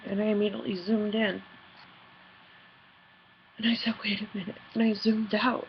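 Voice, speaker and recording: This is a woman with a gravelly, creaky voice, talking in an earnest, halting way about her investigations as a personal video diary. She stumbles and restarts often. The sound is dull and lo-fi, with a faint hiss behind her. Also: medium pitch, level tone. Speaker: paranormal investigator and team leader.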